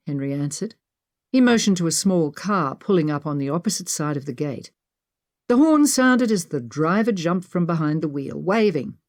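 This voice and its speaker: A woman reading an audiobook in an even, measured narration style. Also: deep voice. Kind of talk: scripted narration.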